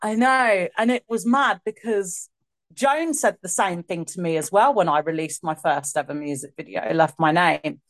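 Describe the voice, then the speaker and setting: A young woman singer, telling stories in a casual interview, chatty and excitable with acted asides. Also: lowish voice, normal speed, dry recording. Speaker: singer and guest.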